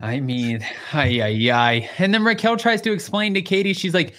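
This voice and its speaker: Animated man recapping reality TV. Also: high voice, normal speed, hardly any pauses. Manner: animated, acts out quotes, swears. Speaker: podcast host. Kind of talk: casual recap chat.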